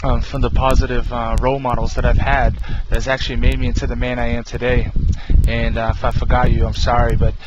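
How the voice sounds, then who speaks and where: An earnest young man with a Boston accent tells his religious testimony in a rambling way, stopping often to restart. His voice sits at an ordinary middle pitch. The sound is dull and lo-fi, with heavy background noise all around him. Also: little pitch movement, fairly quick. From Boston, Massachusetts. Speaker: video ministry host.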